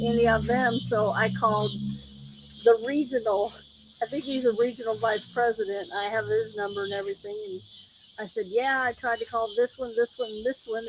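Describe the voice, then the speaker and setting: A woman with a slightly high voice livestreams casually from her phone outdoors near a road at night, and the background is noisy with loud crickets and insects. As host, she tells rambling stories and acts out what other people said.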